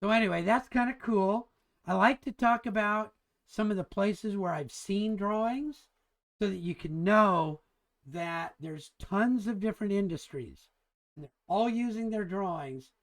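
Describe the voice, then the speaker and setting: A man's voice: high-pitched, a little slow. Chatty, enthusiastic male instructor. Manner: enthusiastic and chatty, keeps calling things cool; rambling, with many restarts. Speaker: engineering drafting instructor. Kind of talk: casual online class lecture.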